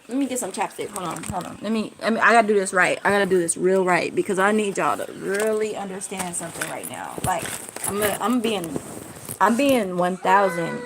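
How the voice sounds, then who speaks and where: A woman's voice: medium pitch, noisy background. A young woman hosting a casual livestream, talking bluntly and profanely with slangy asides. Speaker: livestream host.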